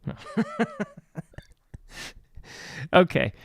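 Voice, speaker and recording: A man's voice: extremely slow, a bit bright, no echo, studio quality. A man hosting a casual video chat about singing, rambling and restarting his thoughts. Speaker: host.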